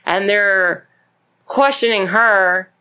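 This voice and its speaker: A woman hosting a podcast, casually retelling a true crime story with lots of swearing and animated acted-out quotes. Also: mid-range voice, takes it slowly, clear, resonant tone. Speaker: podcast host.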